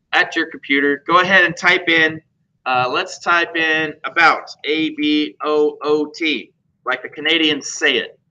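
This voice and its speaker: A man teaching a computer class, talking in a joking, chatty way and putting questions to the students. His voice is bright and forceful with a slightly raised pitch. The recording is dull and lo-fi.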